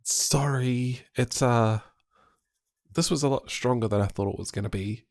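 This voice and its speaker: A man's voice: medium pitch, normal speed, a little mellow, no room sound, studio quality. A man playing a character in a tabletop game, talking hesitantly with lots of fillers. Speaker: player. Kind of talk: casual tabletop play.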